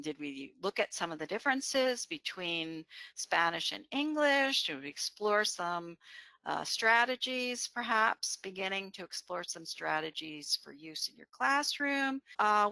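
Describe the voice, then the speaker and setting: A woman's voice: medium pitch, expressive, unhurried, pushed and bright, no room sound. A woman presenting an online teaching session, explaining patiently with many fillers and "right?" check-ins. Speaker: webinar presenter on bilingual education.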